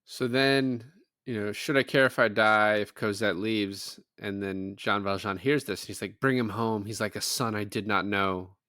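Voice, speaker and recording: A man's voice: fairly low pitch, fairly even intonation, moderate pace, sharp tone, clean tone, no room sound, clean studio sound. A man co-hosting a casual podcast, animatedly retelling a film's plot and quoting characters in offhand voices. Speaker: podcast co-host. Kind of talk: casual chat.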